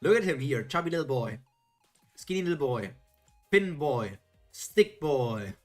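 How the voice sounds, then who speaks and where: Brief: woman streamer, lively sing-song reading voice, playful asides, faint music underneath. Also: low-pitched, a little slow. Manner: playful, theatrical, jokey asides. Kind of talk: reading old children's rhymes aloud with comments.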